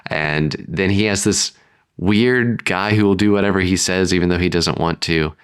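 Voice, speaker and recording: A man with a deep, clean, resonant voice brainstorms a story plot in casual podcast chat. He thinks out loud and slips into quick voices for the characters. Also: clear, resonant tone. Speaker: podcast co-host.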